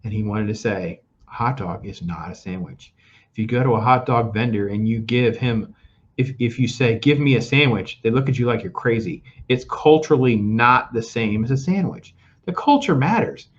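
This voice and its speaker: Ranting about food with jokes and strong opinions, this older talk show host keeps the chat casual. His voice sits lowish and moves at a moderate pace, and the recording is dull.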